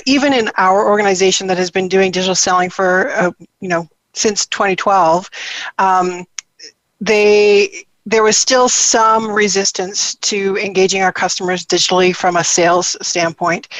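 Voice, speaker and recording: A woman guest on a talk show giving her predictions, thoughtful and pausing often with ums and restarts. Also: mid-range voice, fairly bright tone, no room sound, rough recording. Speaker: guest, corporate digital enablement lead. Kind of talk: remote guest commentary.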